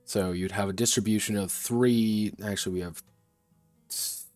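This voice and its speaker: Brief: deep-voiced man, designer thinking aloud on stream, mutters and second-guesses himself, dry close sound. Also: steady tone, moderate pace, a little mellow, no echo, faint music behind. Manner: muttering, self-correcting, casual swearing. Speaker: game designer streaming his work. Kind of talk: thinking aloud while designing a tabletop game.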